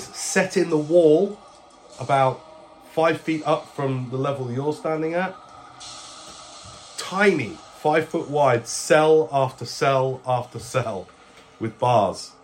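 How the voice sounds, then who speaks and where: A man narrating as the game master of a family tabletop game, describing scenes in a measured way. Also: mid-range voice, a little hiss or hum.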